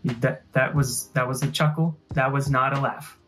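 Low-voiced woman reacting to clips. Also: steady tone, normal speed, over loud music. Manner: exclamatory, chatty, talks back to the clips. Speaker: host reacting to funny clips. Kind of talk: casual reaction commentary.

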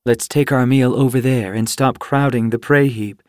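A man's voice: mid-range voice, fairly even intonation, normal speed, darkish tone, no room sound, studio quality, lightly acted. A man voicing a small, friendly female cat in an audiobook, cheerful and encouraging. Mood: warm. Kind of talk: audiobook character voice.

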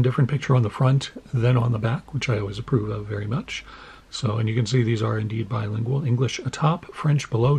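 A man's voice: medium pitch, gravelly, warm tone, husky, low-quality recording. A man hosting a card-collecting channel, opening packs and chatting casually with rambling, self-deprecating asides. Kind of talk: casual pack-opening commentary.

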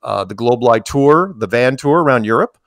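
A man's voice: medium pitch, animated, normal speed, no room sound, studio quality. A man in casual conversation, telling long stories with many restarts and acted-out quotes. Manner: rambling, restarts, acts out quoted dialogue. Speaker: interview guest.

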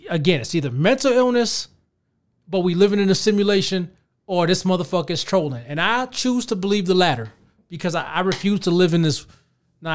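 High-voiced man ranting on a podcast. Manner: profane, animated, talks straight to listeners. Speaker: podcast host. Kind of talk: casual ranting commentary.

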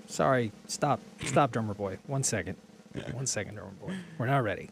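A man's voice: animated, measured pace, soft background music. A man co-hosting a talk radio show, joking playfully in casual studio banter. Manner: playful, jokey, bursts into high-pitched laughs. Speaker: radio co-host.

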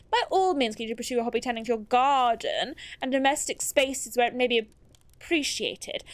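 Woman doing a snooty male college official, posh and dismissive, lively pitch, dry close sound. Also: no echo. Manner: poshed-up, haughty reading.

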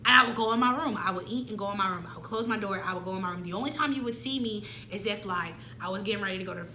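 A woman in her twenties telling a candid personal story in an animated, slangy way, acting out her own past lines. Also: medium pitch, racing, reverberant, a little hiss or hum. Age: 20s. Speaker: vlogger.

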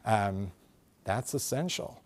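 A rabbi giving a conversational lecture to a live audience, thinking aloud with hedges and frequent restarts. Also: male voice, on the low side, slow. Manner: thoughtful, hedging, many fillers and restarts. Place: lecture room with in-person audience.

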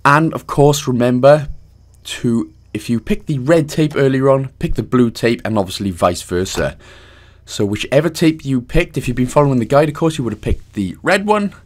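A man's voice: medium pitch, lively intonation, moderate pace. Jokey Welsh man narrating a game guide. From Wales. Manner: jokey, self-mocking asides. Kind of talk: casual voice-over game walkthrough.

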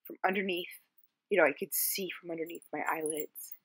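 Soft-spoken woman, halting and searching. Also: lowish voice, steady tone. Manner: halting, searching for words, frequent fillers. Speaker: vlogger. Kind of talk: personal storytelling to camera.

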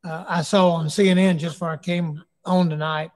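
High-voiced bishop in an echoey hall. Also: male voice, flat delivery, a little fast, a little mellow. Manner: earnest, anecdotal preacher's way of talking. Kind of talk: speaking at a church community forum. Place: church hall. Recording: long echo of a large hall.

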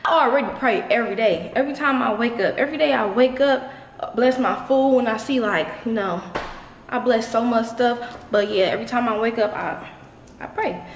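A chatty, excitable young woman from Detroit giving a casual vlog tour of her new apartment, talking straight to her viewers and swearing freely. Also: on the high side, moderate pace, roomy sound, slight background noise. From Detroit, USA. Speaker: vlogger. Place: new, mostly empty apartment indoors.

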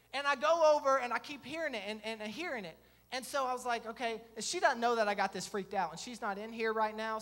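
A man's voice: extremely high pitch, bright, forceful tone. A young man, preaching a sermon, telling a self-mocking story and acting out the dialogue. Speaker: pastor. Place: church sanctuary with a congregation. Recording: long reverb of a church hall.

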